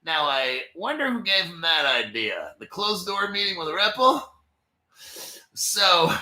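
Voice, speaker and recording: A man's voice: high voice, sharp tone, roomy sound. A man hosting a casual crypto commentary video, talking in a hyped, jokey way and swearing often. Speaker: crypto channel host.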